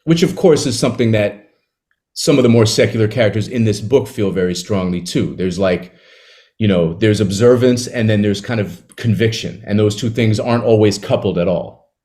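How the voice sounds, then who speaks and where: A man in an interview, talking casually about a book he wrote, retelling its scenes with quick asides. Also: fairly low pitch, warm tone. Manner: conversational, retells scenes with quick acted quotes and laughs. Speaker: author discussing his novel.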